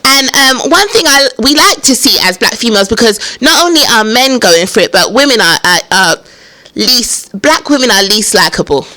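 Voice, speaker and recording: A young woman with a high, bright, crisp voice that swings widely in pitch. She hosts the interview in a chatty, emphatic way. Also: animated, moderate pace. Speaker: talk show host. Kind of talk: casual interview.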